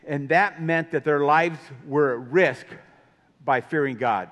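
A man's voice: on the high side, unhurried, fairly bright tone. A man preaching a sermon in a casual, conversational way, asking his listeners many questions. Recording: long hall reverb.

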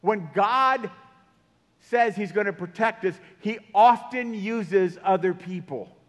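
A man's voice: high-pitched, takes it slowly, fairly bright tone. A man preaching a sermon, telling stories and changing his pace for emphasis. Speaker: pastor. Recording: long hall reverb.

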